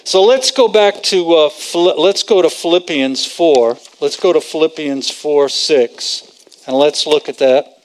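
A male preacher delivers a sermon in an easy, conversational way. His voice sits a little high for a man. He circles back on key phrases and reads out scripture as he goes. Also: measured pace. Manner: conversational, repeats phrases for emphasis.

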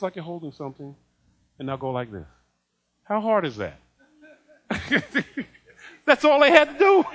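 A man with a slightly high voice preaches a sermon with lots of animation, laughing often and acting out the voices of people he quotes.

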